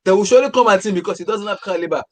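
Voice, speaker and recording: A man's voice: high-pitched, racing, darkish tone. A man co-hosting a casual football podcast, emphatic and repeating his points for stress.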